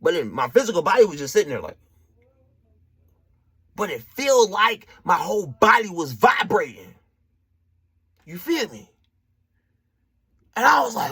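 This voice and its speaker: Husky, animated spiritual podcast man. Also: sits high, unhurried, long pauses, no room sound. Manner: animated and preachy, slangy, talks straight to the listener. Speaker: podcast host. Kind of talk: spiritual motivational podcast talk.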